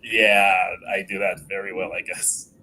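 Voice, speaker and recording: Young male caller with an African accent, deep voice, modest, giggly. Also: steady tone, measured pace. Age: young adult. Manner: shy, soft-spoken, laughs often. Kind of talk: casual chat.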